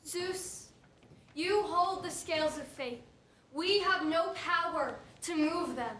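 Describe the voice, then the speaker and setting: Actress: solemn young suppliant praying, slow and high, echoey stage sound. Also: female voice, a bit bright, heavily acted. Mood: pleading. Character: pleading young woman praying to Zeus. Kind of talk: school stage play performance. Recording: echoey stage, faint hiss.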